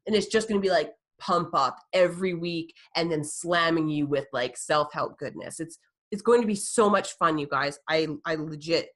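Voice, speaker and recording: Life coach lady on a webcam webinar, lowish voice, super hyped, says like a lot. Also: normal speed. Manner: gushing, excitable, fillers and "like". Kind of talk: live webinar pitch.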